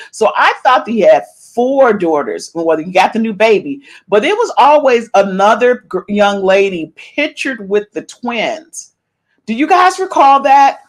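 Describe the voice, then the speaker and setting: A middle-aged woman hosting a podcast, giving chatty, animated celebrity gossip commentary and playfully meowing her catchphrase. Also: mid-range voice. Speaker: podcast host.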